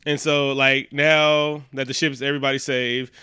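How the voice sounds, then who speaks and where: Bright, animated man recapping a movie. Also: medium pitch, normal speed, smooth. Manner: animated, profane retelling with quoted character lines and frequent laughs. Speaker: podcast co-host. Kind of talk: casual movie recap chat.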